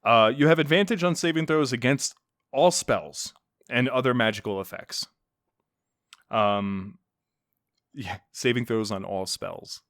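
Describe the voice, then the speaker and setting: A man's voice: medium pitch, measured pace, long pauses, fairly bright tone, dry recording. Rambling playful man, dry close sound. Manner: rambling, playful, many restarts. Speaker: podcast co-host. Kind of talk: in-character casual chat.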